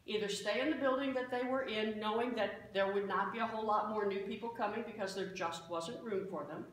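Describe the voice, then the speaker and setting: A woman pastor preaching a sermon as a self-mocking story, recorded in a church sanctuary. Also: mid-range voice. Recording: very echoey church hall, faint noise.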